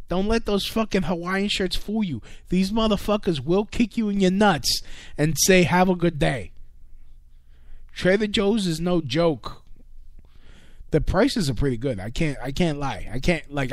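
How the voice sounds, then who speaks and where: With a high-pitched voice, lively intonation, and a measured pace, a man rants comedically as host of a casual online radio show. He swears heavily, rambles, and keeps stumbling, restarting, and using fillers. Studio-quality audio, no room sound.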